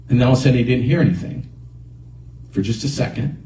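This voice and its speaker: A man pastor preaching a sermon in a church, animated, often calling out praise. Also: medium pitch, quick pace, long pauses, roomy sound, distant mic, a little hiss or hum, rough recording. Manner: animated, repeats exhortations.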